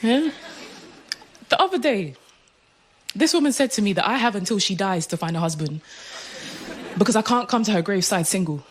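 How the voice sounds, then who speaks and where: A woman of Jamaican heritage performing a stand-up comedy set, animated and laughing through her lines. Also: mid-range voice, normal speed, long pauses. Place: comedy club stage. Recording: live club recording with clear noise.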